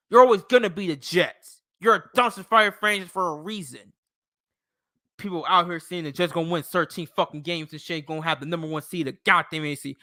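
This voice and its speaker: A man's voice: sits high, bright, forceful tone, no echo, clean studio sound. A man hosting sports talk, ranting heatedly with profane trash talk.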